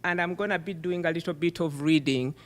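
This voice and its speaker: A middle-aged woman who is not a native English speaker, giving an animated, emphatic conference keynote. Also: fairly low pitch, brisk. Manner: animated, emphatic, self-deprecating. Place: conference hall. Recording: reverberant hall.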